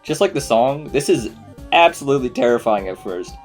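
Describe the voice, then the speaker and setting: A man in an average pitch delivers a casual, enthusiastic voice-over review of video games. He swears freely and talks like a fan. Soft guitar music plays quietly behind him. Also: animated, a little fast. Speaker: video essay host. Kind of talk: casual game commentary voice-over.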